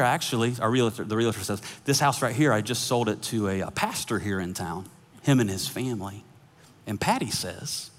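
A man preaching a sermon as pastor, telling a story with animated acted-out dialogue and laughter. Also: medium pitch. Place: church sanctuary. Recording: long hall reverb.

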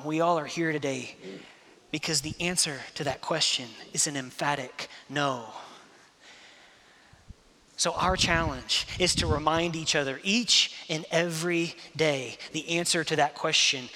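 Male pastor, sermon, impassioned and dynamic, sharp bright tone, reverberant hall. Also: fairly high pitch, unhurried. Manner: impassioned, swings between hushed and loud.

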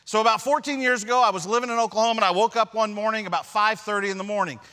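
Preaching a sermon, a middle-aged pastor tells a personal story full of animated, self-deprecating humor. His voice sits high and races along.

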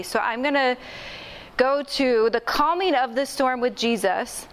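A woman's voice: high voice, a little slow, fairly bright tone, clean tone. Chatty woman teaching a Bible workshop. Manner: conversational, acts out quoted lines. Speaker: Bible study trainer. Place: meeting room with a group.

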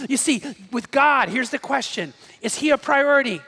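A man's voice: high-pitched, lively intonation, normal speed, hardly any pauses, fairly bright tone, big-room sound. A man, a pastor, preaching a sermon, telling a story with emphatic bursts on key points.

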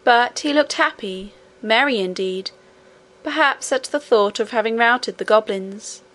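A woman narrating a classic children's fantasy audiobook in a clear, measured way. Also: a little high, fairly bright tone.

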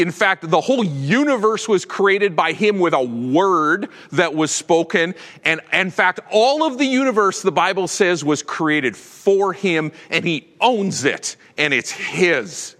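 A man preaching a sermon with animated delivery, swinging from loud proclamation to hushed tones. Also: sits high, in a large hall. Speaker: pastor.

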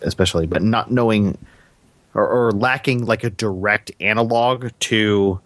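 A man's voice: lowish voice, measured pace, fairly bright tone, no echo. A man co-hosting a casual podcast chat, thoughtful and corrective, hedging with fillers. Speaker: podcast co-host.

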